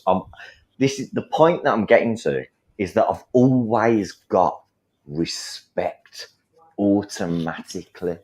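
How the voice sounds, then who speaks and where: A man chatting easily on a podcast. His voice sits fairly low, and he rambles through his points in a relaxed, unhurried way. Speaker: podcast guest. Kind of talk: casual chat.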